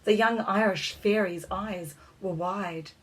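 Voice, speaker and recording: A woman narrating a children's storybook in a measured, expressive reading voice. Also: mid-range voice, husky, poor audio.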